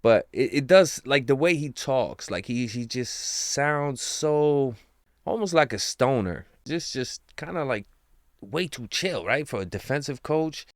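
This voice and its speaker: A man talks through his team's chances in a casual, rambling, slangy way that swings between excitement and hushed asides. His voice is smooth and resonant. The recording is close and dry, with almost no room sound. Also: medium pitch, unhurried, no room sound. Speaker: sports commentator. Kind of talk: casual fan commentary.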